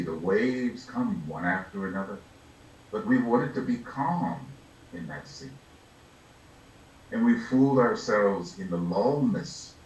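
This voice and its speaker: Slow older man teaching in an echoey room. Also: lowish voice. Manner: unhurried, reflective, laughs softly and acts out little scenes. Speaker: Buddhist lama and teacher. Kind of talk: dharma talk. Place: meditation hall. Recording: echoey room, distant mic, faint ambience.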